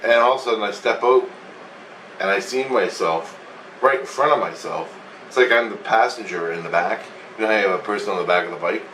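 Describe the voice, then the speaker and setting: A man's voice: fairly low pitch, fairly quick, sharp tone. A man casually recounting a dream, meandering and swearing freely as he goes. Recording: echoey room, distant mic, faint hum.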